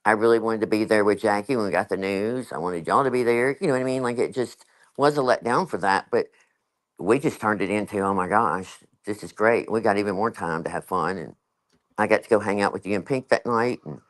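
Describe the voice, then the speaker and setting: A man's voice: on the low side, brisk. Rambling man chatting casually. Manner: rambling, many fillers, laughs often. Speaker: guest. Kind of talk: casual chat.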